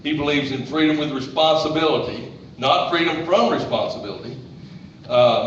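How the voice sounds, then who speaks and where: A man's voice: on the high side, moderate pace, fairly bright tone, recorded from a distance. A folksy man introducing the evening's speaker at a live event. He is picked up from well back in a very echoey hall, and the recording sounds muffled with a faint background hiss. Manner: folksy, joking, reads a bio aloud. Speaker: event host.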